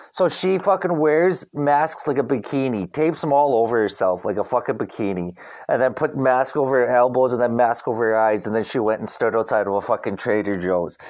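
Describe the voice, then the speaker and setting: Profane rambling young man hosting a podcast. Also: mid-range voice. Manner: swears constantly, rambling and animated. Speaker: podcast host. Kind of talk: casual profane podcast rant. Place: Vancouver.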